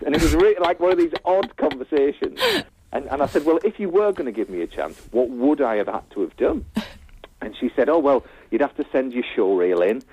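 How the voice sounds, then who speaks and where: A man telling stories in a casual interview, animated and chatty, laughing often. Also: mid-range voice, a little fast, husky, highs cut off. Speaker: guest, TV presenter.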